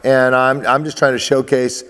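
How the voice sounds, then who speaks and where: An emphatic male baseball coach addresses his players, repeating phrases and restarting as he drives his points in. At a normal pace and ordinary middle pitch, his clean, somewhat bright voice moves little in pitch, and a long reverb trails behind it in the room.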